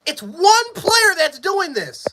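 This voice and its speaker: A man giving a live sports reaction, frustrated and profane, swinging between yelling and low muttering. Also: big pitch swings, slow pace, slight background noise. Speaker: sports fan streamer.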